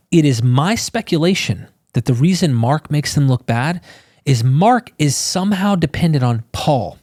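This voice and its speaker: A man talking casually as a podcast guest, animated and informal, acting out quotes in exclaiming voices. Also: fairly high pitch, no echo, studio quality. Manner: casual, swears and says bro.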